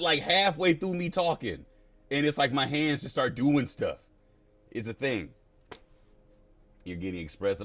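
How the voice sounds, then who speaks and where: A man's voice: medium pitch, sing-song, moderate pace, faint music behind. A man hosting a live crypto stream in a casual, playful, slangy way, laughing often.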